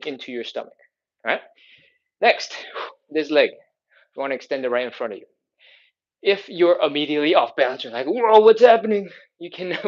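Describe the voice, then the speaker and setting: Man, fitness instructor, upbeat coaching, live stretching class, mid pitch, dull lo-fi audio. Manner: coaching, upbeat, repeats "all right?".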